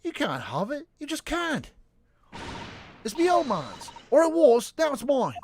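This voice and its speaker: A man voicing a scrappy, cheeky girl pickpocket, brash and quick to argue. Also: very high-pitched, huge pitch swings, a little mellow, a little hiss or hum, pitched above the performer's own voice, heavily acted. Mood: stubborn.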